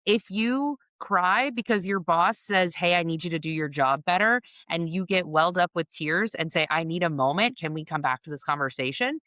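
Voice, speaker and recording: A woman with a somewhat low voice co-hosts a casual podcast, telling lively stories and laughing often. Her sound is dry and close, with no room around it. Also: moderate pace, few pauses, dry recording. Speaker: podcast co-host and coach. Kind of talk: casual conversational storytelling.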